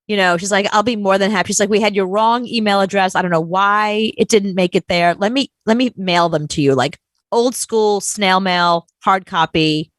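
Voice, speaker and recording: A woman co-hosting a chat show, telling a story in an animated, exasperated way and acting out quotes. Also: medium pitch, moderate pace, dry recording. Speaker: podcast co-host.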